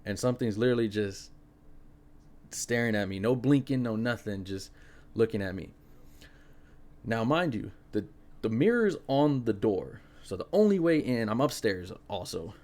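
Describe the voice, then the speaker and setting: Low-voiced young man telling a story. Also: moderate pace. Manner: animated, fillers like "like" and "yo". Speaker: podcast host. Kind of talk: casual spooky storytelling.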